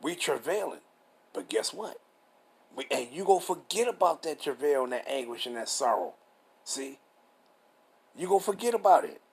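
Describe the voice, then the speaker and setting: A man reading scripture aloud and preaching on it in a casual, rough-edged way, reading verses slowly and stopping to ask rhetorical questions. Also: a little high, animated. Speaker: scripture teacher.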